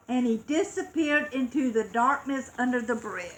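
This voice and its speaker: A woman reading a children's story aloud, expressive and acting out dramatic sound effects. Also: high-pitched, moderate pace, few pauses, low-quality recording.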